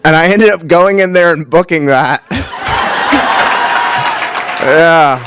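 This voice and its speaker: A comedian telling a casual first-person story on stage, talking quickly and leaning on "like". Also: male voice, on the high side, over a noisy crowd, very noisy. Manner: casual, quick and chatty, leans on "like". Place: storytelling event stage before a crowd.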